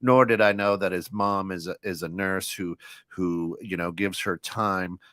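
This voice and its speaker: A man's voice: low-pitched, fairly even intonation, unhurried, a bit bright, no echo, studio quality. A man from southern Iowa co-hosting a talk show, chatty, with lots of restarts and "right?" tags. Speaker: co-host. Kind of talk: casual talk-show banter.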